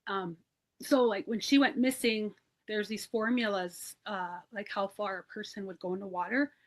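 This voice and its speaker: A woman's voice: mid-range voice, fairly even intonation, moderate pace. A woman from a search and rescue team, telling her story in a plain-spoken, rambling way with many fillers over a video call. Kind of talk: personal storytelling in an interview.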